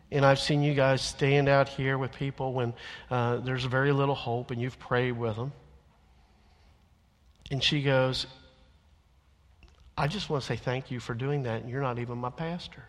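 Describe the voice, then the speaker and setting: A male minister delivers an earnest sermon, swinging between loud, emphatic declarations and hushed, confessional asides. His voice sits at an ordinary middle pitch. The sound rings with the long reverb of a large church sanctuary. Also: fairly even intonation, moderate pace, long pauses.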